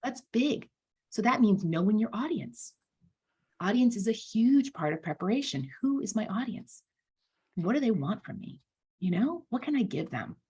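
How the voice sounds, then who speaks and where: A woman speaking as a guest voice coach in a casual podcast interview, animated, often checking in with "right?" and repeating words for emphasis. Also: medium pitch, moderate pace, slightly rough.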